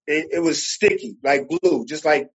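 A man with a New Jersey accent, a podcast guest telling his story in a relaxed, casual way. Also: on the high side, moderate pace, slightly rough, highs cut off. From Newark, New Jersey. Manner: relaxed storyteller, fillers and laughs. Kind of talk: casual conversation.

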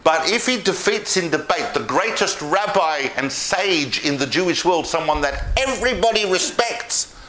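A man giving a history lecture to a live audience, telling the story in an animated way and speaking directly to the listeners. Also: high voice.

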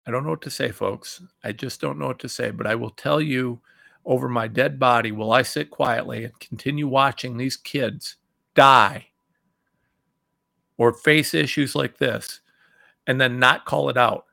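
A middle-aged male talk show host, delivering angry political commentary. His voice is gravelly and bright, with a dry, close recording, and he swings from loud outbursts to low muttering. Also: normal speed, no echo. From Ohio.

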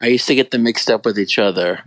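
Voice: medium pitch, quick pace, no echo. A co-host on a casual podcast who asks short, chatty questions. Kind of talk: casual chat.

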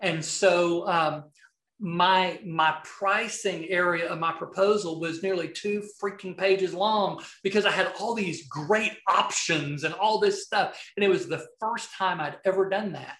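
A middle-aged Southern man with a fairly high voice speaks a little slowly in a reverberant space. A video marketing coach appearing as a podcast guest, he rambles through animated anecdotes in a casual interview, restarting often.

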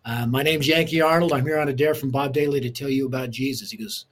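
Husky animated man telling his story. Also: medium pitch, quick pace. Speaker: ministry leader and author. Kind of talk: storytelling interview.

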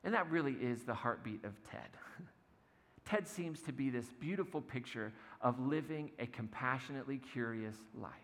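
Male pastor, gravelly, easygoing storyteller; church-hall echo, soft music behind. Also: medium pitch. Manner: storytelling, acts out quotes with humor. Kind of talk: conversational sermon.

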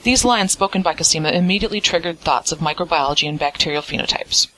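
Young woman, listener voice message, read aloud, earnest, explanatory, fast, bright tone. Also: sits low, a little hiss or hum, rough recording. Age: young adult. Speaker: listener sending audio feedback.

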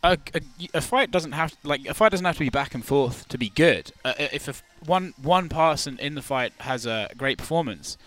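A man's voice: a little high, expressive, normal speed, hardly any pauses, a bit bright. Frank man in casual chat. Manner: frank, swears casually, hesitant restarts. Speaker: podcast guest.

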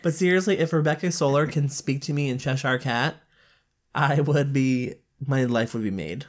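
A woman co-hosting a casual book podcast, playful and animated, laughing often. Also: a bass voice, normal speed. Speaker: podcast co-host.

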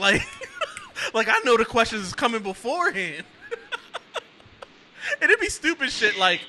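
A man's voice: extremely high pitch, normal speed, long pauses, a little hiss or hum. A man co-hosting a podcast in casual chat, acting out both sides of his stories and laughing often. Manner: animated storyteller, laughs a lot, acts out both sides. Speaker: podcast co-host.

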